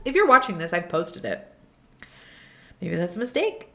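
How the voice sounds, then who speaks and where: Animated woman ranting about a show. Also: lowish voice, normal speed, vocal fry. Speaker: video essay host. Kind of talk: unscripted reaction commentary.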